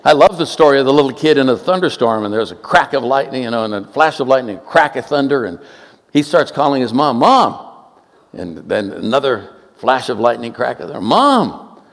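A man in his seventies from Oakland, California, preaching a sermon with humorous stories, joking and animated, with quick asides. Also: medium pitch, big-room sound. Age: 70s.

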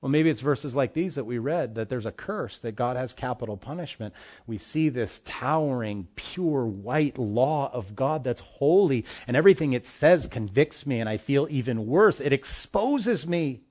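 A male pastor preaching a sermon, addressing the congregation directly with emphatic swings between loud and soft. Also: mid-range voice, expressive, moderate pace.

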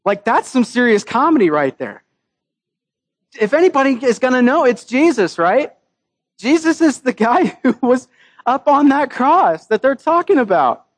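Joking, high-voiced male preacher. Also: very animated, moderate pace, no room sound. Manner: casual and joking, reads scripture aloud. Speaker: pastor. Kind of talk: sermon.

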